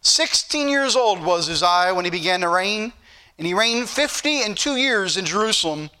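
High bright-voiced preacher man. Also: animated, normal speed, clear, resonant tone. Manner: preachy, repetitive emphasis. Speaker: pastor. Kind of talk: sermon.

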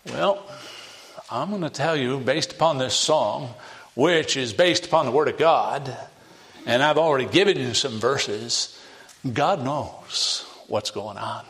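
A man preaching a sermon in a folksy, emphatic way, his voice jumping high on key words. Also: animated, a little slow, fairly bright tone. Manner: folksy, uses many fillers and asides.

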